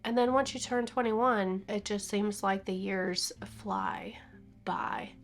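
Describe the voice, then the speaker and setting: A woman's voice: mid-range voice, steady tone, slow pace, gravelly, soft background music. A woman in her fifties talking in a personal vlog, teary and sniffling, laughing and crying at once and dropping into whispers. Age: 50s. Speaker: vlogger.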